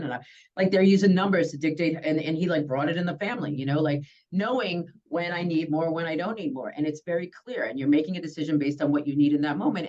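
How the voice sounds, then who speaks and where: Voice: medium pitch, a little mellow. Chatty webinar presenter, slightly dull audio. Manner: chatty, keeps asking "right?" and "you know?". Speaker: healthcare provider presenting a webinar. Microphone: computer mic on a video call.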